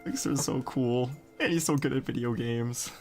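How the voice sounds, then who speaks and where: A man's voice: medium pitch, moderate pace, faint music behind. A young man streaming, chatting casually and telling a rambling story with plenty of swearing.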